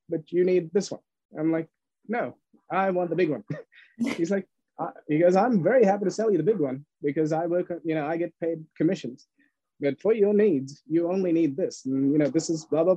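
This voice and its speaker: A man, an entrepreneur guest on a podcast, telling lively stories with frequent laughs and acted-out dialogue. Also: on the high side, no room sound, muffled recording. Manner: animated storyteller, laughs often, acts out dialogue. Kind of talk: casual storytelling interview.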